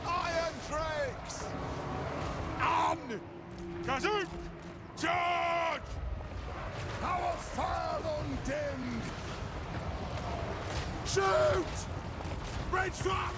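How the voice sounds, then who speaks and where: A man voicing gruff, battle-hardened male dwarf soldiers who shout war cries in a video game. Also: extremely high pitch, drawn-out words, long pauses, full character voice. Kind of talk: video game unit barks. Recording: loud battle noise behind.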